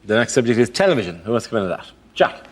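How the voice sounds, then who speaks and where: A man hosting a comedy panel show, briskly announcing rounds and thanking the comedians. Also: mid-range voice, big pitch swings. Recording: live studio with audience noise.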